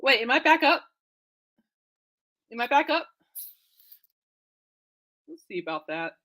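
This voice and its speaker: A woman's voice: sits high, big pitch swings, slow pace, pauses often, pushed and bright, poor audio. A woman hosting her own podcast live, rambling casually with lots of fillers and exclamations. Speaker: podcast host. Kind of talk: casual live-stream chat.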